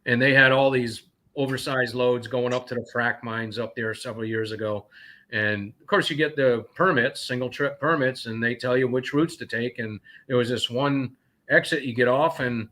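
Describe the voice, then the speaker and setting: A man's voice: mid-range voice, normal speed, pushed and bright. Indignant trucker man from North Carolina. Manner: indignant, rambling with many fillers. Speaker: guest trucker. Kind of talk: casual call-in talk, telling stories.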